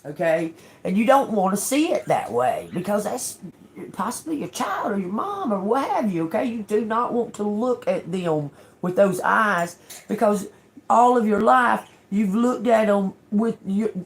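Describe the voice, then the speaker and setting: A woman's voice: mid-range voice, lively intonation, a little slow. A woman giving a casual tarot reading to her viewers, blunt and emphatic, cursing freely and often checking in with "okay?". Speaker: tarot reader.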